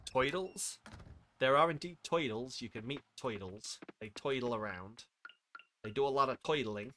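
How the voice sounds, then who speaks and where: A man's voice: medium pitch, normal speed, pushed and bright, slight background noise, lightly acted. A man voicing a cocky streetwise gangster in a put-on American gangster accent, with drawling, playful tough-guy talk. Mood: swaggering. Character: cocky male mobster type, streetwise and swaggering.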